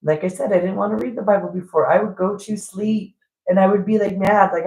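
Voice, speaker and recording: Woman, 50s, spiritual vlogger; blunt and rambling, jumps into high voices for quotes; echoey room. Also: fairly quick, a little mellow.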